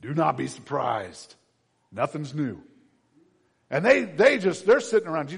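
A man preaching a sermon as pastor, animated, swinging between loud emphatic lines and quiet asides, acting out everyday voices as he goes. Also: a little high, measured pace, long pauses. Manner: acts out everyday voices in quotes. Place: church sanctuary. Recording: husky voice in a reverberant hall.

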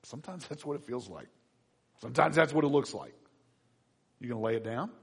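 A man preaching a sermon as a pastor, dramatic, dropping to a hush and then rising high and loud. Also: animated, fairly quick, gravelly, slightly rough. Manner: dramatic, swings from hushed to shouting. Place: church. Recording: long reverb of a large hall.

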